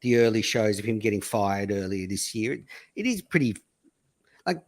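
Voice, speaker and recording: A man's voice: on the low side, big pitch swings, moderate pace. A man hosting a podcast in casual, blunt, profane chat. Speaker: podcast host.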